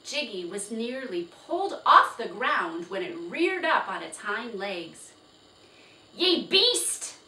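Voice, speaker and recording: Woman reading a kids' book aloud real slow, bright voice, echoey and kinda far off. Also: mid-range voice. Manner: slow, expressive storytelling. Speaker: storybook reader. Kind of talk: children's read-aloud narration. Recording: roomy, distant, faint hiss.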